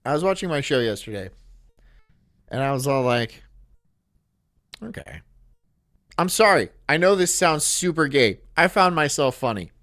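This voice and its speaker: A man's voice: fairly high pitch, animated, moderate pace, a bit bright, no echo, clean studio sound. A man hosting a stream, rambling through crude jokes and laughing at his own bits. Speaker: streamer host. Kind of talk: crude casual stream banter.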